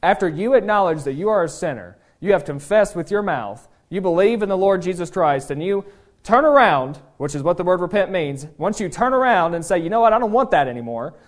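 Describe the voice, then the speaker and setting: Male pastor, sermon, high and very lively pitch, emphatic. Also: fairly quick. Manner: animated, emphatic, acts out quotes.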